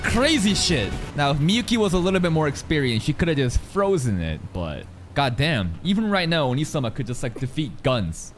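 A man reacts to an anime on a stream, swearing freely and laughing as he talks. His voice sits fairly high and swoops widely between low and high, and the show's music plays clearly behind him. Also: normal speed, few pauses. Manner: excitable and profane, laughs often. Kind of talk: casual reaction commentary. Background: anime soundtrack music.

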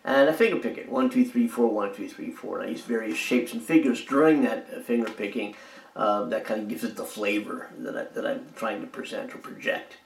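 A man giving a relaxed spoken guitar lesson, rambling with many fillers and restarts. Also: on the low side, a little fast. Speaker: guitar teacher. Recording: roomy echo over loud guitar. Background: guitar playing.

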